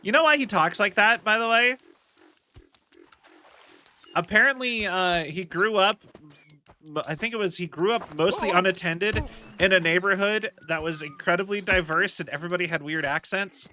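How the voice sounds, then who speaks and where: A young man streams a game from his home setup, chatting casually, wandering off on rambling tangents and swearing when he makes mistakes. His voice is high and sharp, at a moderate pace, with slight background noise.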